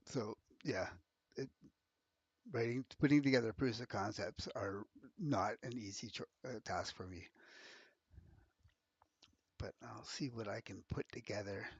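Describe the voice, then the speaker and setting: A man hosting a live stream, chatting casually in an easygoing, agreeable way with halting phrasing. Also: lowish voice, husky, dry recording. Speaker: stream host. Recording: dull lo-fi dry voice line.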